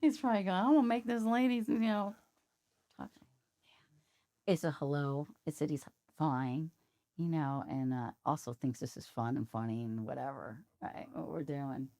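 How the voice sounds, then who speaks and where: A woman's voice: low voice, normal speed, warm tone. A woman working as a psychic medium, chatting casually on a podcast, laughing often and acting out quoted voices.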